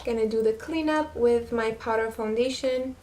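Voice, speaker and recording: A young woman narrating a makeup tutorial, gushing and easily excited as she talks to her viewers. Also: fairly high pitch, normal speed. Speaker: beauty vlogger.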